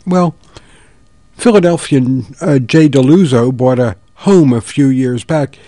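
Mellow-voiced male radio host. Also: fairly high pitch, no echo. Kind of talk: public radio talk show.

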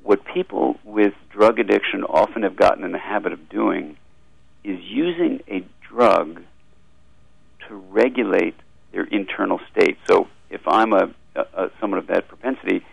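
A middle-aged psychiatrist is a radio interview guest. His voice is very low, with heavy gravel and a husky edge. He explains his ideas fluently and in a measured way. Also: no room sound, poor audio.

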